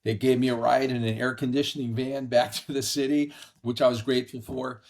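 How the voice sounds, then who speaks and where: A middle-aged man tells a personal story as a podcast guest, earnest and animated. His voice sits at an ordinary middle pitch. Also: a little fast, vocal fry. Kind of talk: conversational storytelling. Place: brother-in-law's house.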